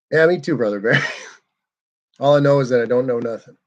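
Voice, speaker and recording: A man's voice: mid-range voice, moderate pace, long pauses, muffled recording. Laid-back guy hosting a car stream, rambles a bit, jokes about himself. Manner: relaxed, rambling, self-deprecating. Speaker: host of a car livestream. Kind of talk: casual livestream chat reading comments.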